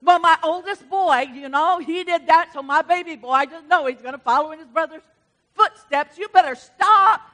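A woman preaches with lively, emphatic storytelling and punchy asides. Her voice sits high and comes across bright and forceful. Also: normal speed. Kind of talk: sermon.

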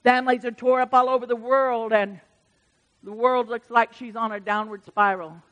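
A woman preaching a sermon in church. She swings from hushed asides to loud, emphatic bursts. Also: a little high, fairly even intonation, moderate pace. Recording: reverberant church hall.

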